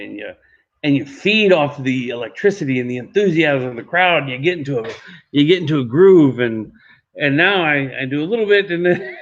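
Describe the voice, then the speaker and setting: A man working as an auctioneer on a livestreamed benefit auction, repeating bid calls in a steady chant and cracking jokes in between. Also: fairly high pitch, lo-fi sound. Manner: repetitive bid-calling chant with joking asides.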